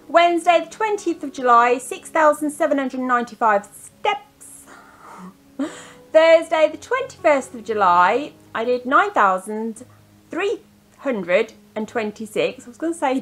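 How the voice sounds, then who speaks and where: A woman's voice: sits high, fairly bright tone, low-quality recording. A woman in her forties chatting casually to camera as a vlogger, giggly and self-mocking. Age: 40s.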